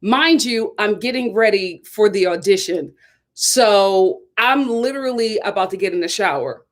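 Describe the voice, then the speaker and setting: A young woman hosting a live review stream, telling a story in an animated, dramatic way and laughing often. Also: mid-range voice, a little slow. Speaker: host of a live reality-show review channel. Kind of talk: casual storytelling to a live chat.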